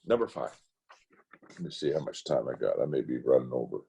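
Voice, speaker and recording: An older man, a pastor, telling stories in a roundtable talk, his voice climbing high into emphatic rants and dropping low again. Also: expressive, brisk, vocal fry, warm tone, husky. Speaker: pastor speaker. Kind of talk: roundtable talk, preacherly storytelling. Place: video call.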